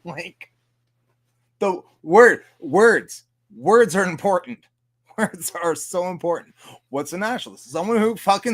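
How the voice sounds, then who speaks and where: Here a livestream host with a Canadian accent goes on a casual, profane rant, breaking into laughter often. He has a high-pitched, expressive voice and keeps a measured pace.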